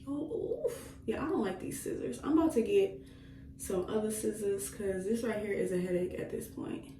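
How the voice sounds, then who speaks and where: Woman vlogger, casual and emphatic, retelling talks with her son; mellow tone, faint room noise. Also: medium pitch, moderate pace. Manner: emphatic, repeats phrases for stress. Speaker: vlogger, mother. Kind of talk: casual venting while cutting hair. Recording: echoey room, mic at a distance.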